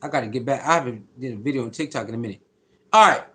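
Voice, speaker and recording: A man's voice: medium pitch, very fast, bright, forceful tone, breathy edge. A man casually chatting on a live stream, greeting viewers by name in slangy, repetitive talk.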